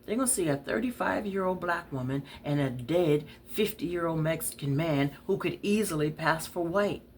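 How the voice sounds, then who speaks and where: A woman's voice: low-pitched, expressive, moderate pace, darkish tone, slight background noise. A woman storyteller voicing a hardened woman in her thirties on the run, talking bluntly in street slang. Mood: defiant. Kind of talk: dramatic story reading.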